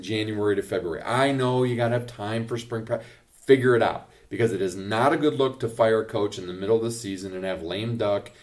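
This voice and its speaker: A man hosting a sports podcast, giving emphatic, opinionated takes in casual talk. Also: fairly low pitch. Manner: emphatic, opinionated, rising to loud points. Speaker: podcast host.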